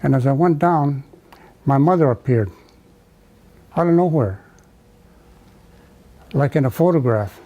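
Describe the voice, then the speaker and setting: Older man recalling war, halting. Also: a little high, mellow, lo-fi sound. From United States. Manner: halting, many restarts and fillers. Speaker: veteran interviewee. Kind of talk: oral history recollection.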